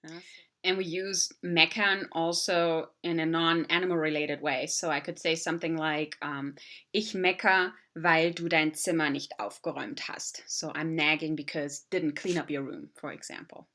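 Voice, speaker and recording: Bright chatty German-born woman teacher. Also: low voice, steady tone, moderate pace. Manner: chatty, with many ums and uhs. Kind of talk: casual video lesson.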